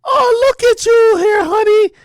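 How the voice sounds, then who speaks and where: A man voicing a blunt, doting middle-aged mother who fusses over her grown son in a high, sing-song voice. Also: unhurried, no room sound.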